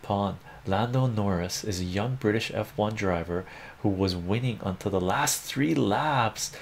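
A man's voice: fairly low pitch, unhurried, creaky, slight background noise. A man hosting a live stream from home, chatting casually and reading out viewer comments, laughing often and thinking aloud. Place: home room with a meowing cat.

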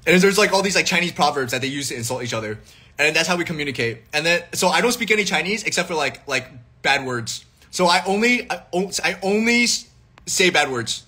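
Bright, playful young man streaming live. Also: a little high, expressive, quick pace, breathy edge. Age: 20s. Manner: rambling, joking, lots of fillers and restarts. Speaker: livestream host. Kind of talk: casual live stream chat. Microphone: phone livestream.

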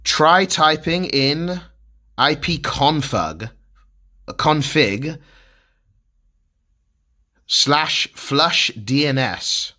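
A man's voice: on the high side, drawn-out words, long pauses, bright, forceful tone. A man livestreaming, ranting in exasperation about his internet, swearing constantly and repeating himself. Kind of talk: frustrated livestream rant.

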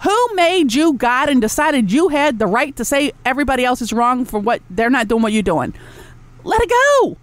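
Blunt, high-voiced woman ranting. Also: expressive, a little fast, few pauses. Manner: blunt, profane, sarcastic ranting; talks back to a chat room. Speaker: podcast host. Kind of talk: ranting solo podcast talk.

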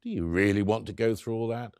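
A man's voice: on the low side, a little fast, darkish tone, no room sound, studio quality, lightly acted. A frank teasing woman in a hospital bed, as an actor quotes her. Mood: teasing, tender.

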